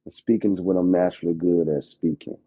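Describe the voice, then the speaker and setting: A man, an insurance agent chatting casually as a podcast guest, lively and quick to laugh. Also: low voice, slightly rough, no room sound. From Alabama, US. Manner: animated, talkative, laughs often. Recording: dull, dry lo-fi sound.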